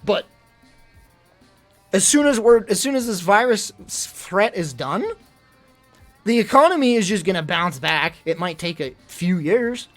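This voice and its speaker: A man's voice: high-pitched, expressive, measured pace, long pauses, a bit bright, soft background music. Rambling, exasperated young male streamer. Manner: rambling, exasperated venting with many fillers. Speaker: livestreamer. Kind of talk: casual livestream chat.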